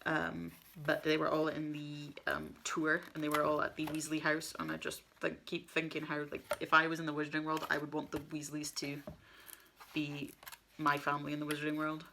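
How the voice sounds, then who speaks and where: A woman's voice: sits low, completely flat delivery, moderate pace, creaky, sharp tone, a little hiss or hum. A woman in her twenties chatting casually as she builds a model set, easily flustered and muttering to herself as she goes. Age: 20s. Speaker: vlogger.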